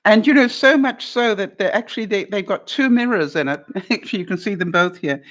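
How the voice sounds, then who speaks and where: An older woman vlogger answers live chat from her home, chatting casually, laughing often, and addressing viewers by name. Her mid-range voice is expressive and she speaks briskly.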